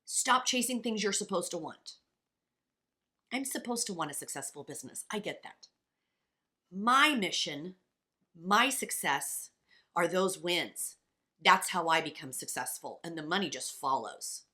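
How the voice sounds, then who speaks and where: A woman co-hosting a motivational podcast, with a lowish voice and a bright, forceful edge. She talks in a passionate, blunt way, as a coach, and throws in profanity freely. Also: expressive, unhurried, pauses often. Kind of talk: casual motivational podcast chat.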